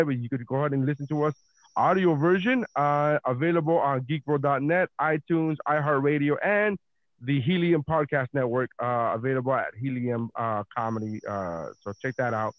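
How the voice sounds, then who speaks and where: A man's voice: on the high side, no room sound, highs cut off. A man hosting a podcast in casual chat, rambling with lots of fillers and swearing freely. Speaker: podcast host.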